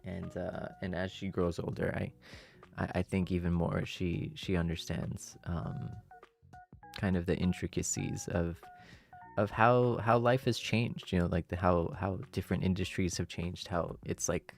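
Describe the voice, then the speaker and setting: A man's voice: sits low, fairly even intonation, unhurried, gravelly. Rambling young man chatting over faint music. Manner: rambling, playfully melodramatic, many fillers. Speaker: streamer. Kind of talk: casual chat to viewers.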